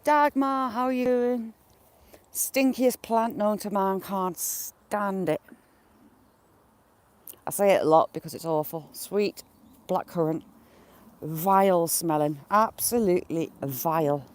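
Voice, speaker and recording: Unhurried delivery, casual outdoor live-stream chat, talks to animals and viewers, mild cursing, birdsong and clucking behind. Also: medium pitch. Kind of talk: casual live-stream chat while doing yard chores. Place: outdoors in a yard by a field. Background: birds and chickens.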